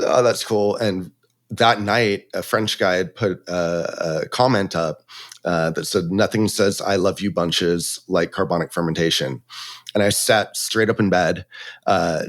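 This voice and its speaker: Man, winery owner, casual and animated storyteller, slightly low voice. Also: normal speed. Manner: animated, acts out quotes with laughs.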